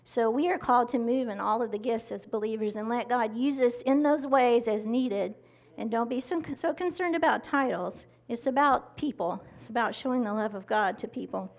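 A pastor with a fairly high-pitched voice preaches a conversational sermon at a moderate pace. She holds the mic close to her mouth and acts out quotes as she teaches.

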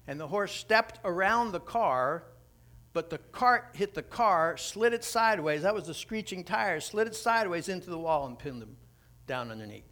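A man preaching through an animated, conversational story. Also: a little high. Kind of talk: sermon storytelling.

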